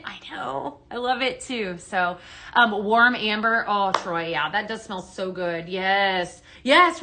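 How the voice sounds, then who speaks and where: A woman hosting a live shopping demo with a bright, ringing voice that sits a little high. She chats in an upbeat way, full of "um"s and "right?"s, while she holds up products at a table. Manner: chatty, upbeat, many fillers and tag questions. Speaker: live sale host for a home fragrance brand.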